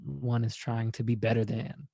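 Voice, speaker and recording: A man's voice: medium pitch, fairly even intonation, moderate pace, creaky, warm tone, no room sound, clean studio sound. A man, a former college basketball player, guesting on a podcast and telling rambling, profane stories in a laid-back way. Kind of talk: casual storytelling.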